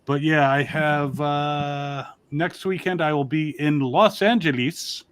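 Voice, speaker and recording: A man's voice: a little high, fairly even intonation, takes it slowly, fairly bright tone, clean tone. Joking man with broadcaster-style speech. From Connecticut. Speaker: toy reviewer, co-host. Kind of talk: casual livestream chat.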